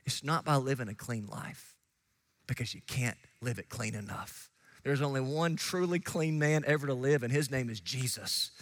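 A man preaching a sermon as pastor, swinging from hushed asides to shouted emphasis and quickly acting out the voices of listeners. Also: mid-range voice. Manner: acts out listeners and biblical figures in quick quoted asides.

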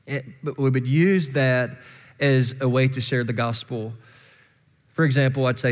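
A man in his forties preaching a sermon as pastor, moving from relaxed storytelling to fervent appeals to parents. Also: medium pitch, unhurried. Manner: conversational storytelling rising to impassioned exhortation. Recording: long reverb in large hall.

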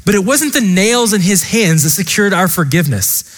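Impassioned high-voiced male preacher. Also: animated, normal speed, a bit bright, long reverb tail. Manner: earnest, impassioned preaching with repeated direct address. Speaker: pastor. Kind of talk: sermon.

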